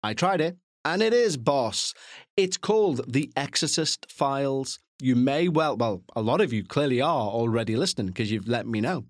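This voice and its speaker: A man's voice: medium pitch, lively intonation, normal speed, dry recording, studio quality. A man hosting a podcast, chatting casually and rambling through asides, with the odd swear. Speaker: podcast host. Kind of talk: casual chat to listeners.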